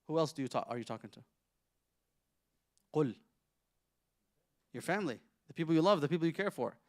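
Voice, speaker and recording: Fast-talking man teaching a Quran class. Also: on the high side, lively intonation, darkish tone, no echo, studio quality. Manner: conversational, quizzes the audience, recites Arabic verses quickly. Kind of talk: interactive religious lesson.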